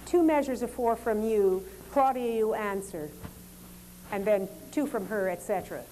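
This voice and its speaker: A woman leading a lecture demonstration, giving calm, polite directions to dancers and explaining as she goes. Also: medium pitch, moderate pace, slight background noise. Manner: calm, instructive, polite commands.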